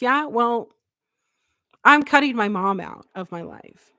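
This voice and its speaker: A woman's voice: on the high side, animated, slow, sharp tone, no echo. Woman host, raw heartfelt monologue, swears a lot, dry close sound. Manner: emotional, blunt, swears freely. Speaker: podcast host. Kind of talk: candid live podcast monologue.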